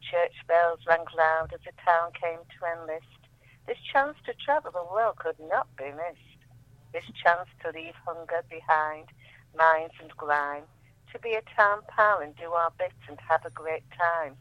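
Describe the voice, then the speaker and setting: A woman reading her own poems aloud in a measured, solemn way, then chatting about them. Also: on the low side, no room sound, lo-fi sound. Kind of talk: poetry reading and radio chat.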